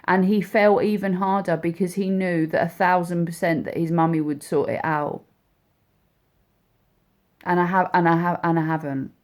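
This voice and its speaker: Halting, heartfelt woman, low voice. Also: steady tone, darkish tone. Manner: heartfelt, halting, with many repeats and restarts. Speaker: mother speaking about her son. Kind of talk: personal storytelling monologue.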